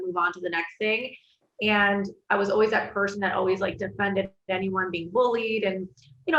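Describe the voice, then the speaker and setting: A woman, originally from England, talking as a TV host guest in a relaxed interview, chatty and full of "like" and "you know". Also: medium pitch. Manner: chatty, laughs easily, lots of "like" and "you know". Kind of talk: casual interview storytelling. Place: home in Florida. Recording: echoey, slightly dull video call audio.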